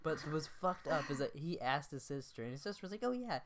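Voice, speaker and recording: A man's voice: fairly high pitch, fairly quick, noisy background. A young man co-hosting a podcast, telling a rambling story with restarts and laughter. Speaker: podcast co-host. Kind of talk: casual storytelling chat.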